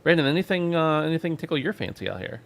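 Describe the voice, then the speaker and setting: A man's voice: fairly high pitch, expressive, fast talker, creaky. A man hosting a gaming podcast, chatting casually and joking around as he runs the show. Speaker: podcast host.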